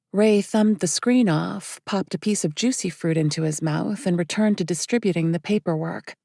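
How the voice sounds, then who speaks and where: Female audiobook narrator, steady and measured; low, mellow tone with a gravelly edge. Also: no room sound, clean studio sound. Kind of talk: scripted narration.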